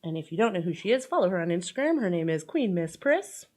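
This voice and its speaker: A woman's voice: lowish voice, big pitch swings, fast, a little mellow. A woman chatting casually through a makeup tutorial, rambling with lots of fillers and playful asides. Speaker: makeup vlogger.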